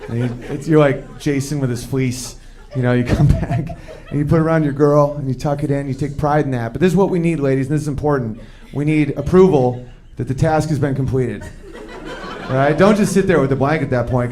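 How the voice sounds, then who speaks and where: A man performing a stand-up comedy set, animated and acting out the people he quotes. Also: mid-range voice, brisk. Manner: animated, acts out quoted voices. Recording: live show with crowd. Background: audience laughter.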